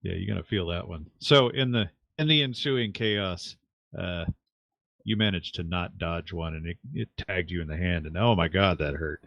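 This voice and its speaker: A man's voice: sits low, normal speed, gravelly, dry recording. A man running a tabletop game as game master, thinking aloud with fillers and wry asides. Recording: dull lo-fi dry mic.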